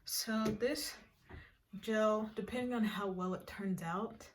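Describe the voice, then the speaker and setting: A woman's voice: mid-range voice, slow. Rambling woman vlogging from a distance. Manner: chatty, rambling with many fillers. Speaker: hair vlogger. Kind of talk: casual vlog talk to camera. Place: at home. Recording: slightly distant mic, faint noise.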